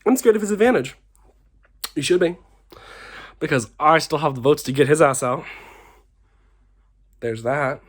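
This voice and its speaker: A man's voice: a little high, unhurried, long pauses, breathy edge. A young man who is tipsy, giving a dramatic, theatrical reality-show confessional and acting out what others said. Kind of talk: confessional to camera.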